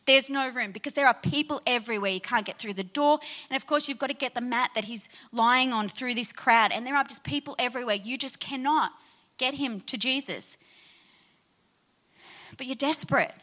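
A woman preaching a sermon, retelling a Bible story in an animated way and checking in with listeners with a frequent "right?". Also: a little high, brisk.

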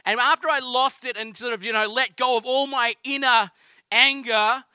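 A man's voice: very high-pitched, fairly even intonation, moderate pace, pushed and bright, clear, resonant tone, dry recording. A man with an Australian accent preaching a sermon in a conversational, storytelling way. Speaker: pastor.

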